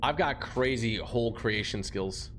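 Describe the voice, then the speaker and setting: A young man giving excitable live commentary while playing a video game, yelping when startled. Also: mid-range voice, a little slow. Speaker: gaming streamer. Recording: loud game noise behind voice. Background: game sound effects.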